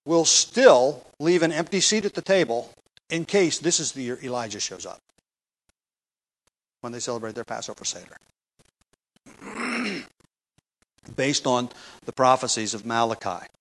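A man preaching a verse-by-verse sermon, emphatic and slowing down on key words, often asking the congregation rhetorical questions. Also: mid-range voice, very animated, rough recording. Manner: emphatic, slows down for stress. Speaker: pastor. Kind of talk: expository sermon.

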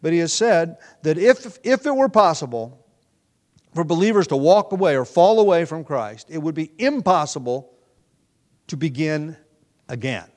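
A man's voice: a little high, expressive, moderate pace, darkish tone. A man with a nagging cough, preaching an earnest expository sermon, often restarting phrases with fillers. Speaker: pastor.

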